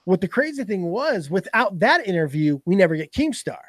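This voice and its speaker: A man in casual podcast chat, telling stories in a profane, animated way. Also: high voice, brisk, no echo, clean studio sound. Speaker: podcast guest.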